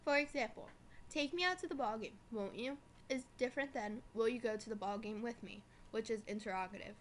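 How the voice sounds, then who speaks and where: A young woman reading a school presentation from notes, slowing down on the examples. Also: on the high side, a little hiss or hum. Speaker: student presenter.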